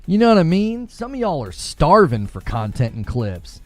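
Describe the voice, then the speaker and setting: A man's voice: fairly high pitch, very animated, moderate pace. A young man hosting a gaming live stream, reading viewer comments aloud in a sarcastic, mocking way and laughing often. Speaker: gaming livestream host.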